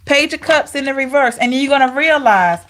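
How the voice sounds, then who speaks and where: Woman doing a tarot reading, kinda high voice, chatty and upbeat, talks right to y'all. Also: fairly quick, fairly bright tone. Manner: chatty and encouraging, laughs often, addresses viewers as y'all. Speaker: tarot reader. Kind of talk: casual tarot reading monologue.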